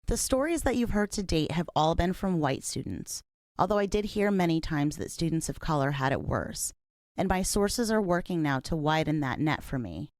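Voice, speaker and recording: A woman host reading scripted documentary narration in a measured, serious way. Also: low-pitched, lively intonation, a little mellow, no echo, studio quality.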